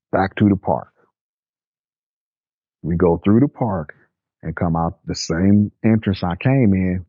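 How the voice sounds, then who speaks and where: An older man with a low voice recounts his own story in a plain-spoken, vivid, vernacular way. The recording is dry and slightly muffled.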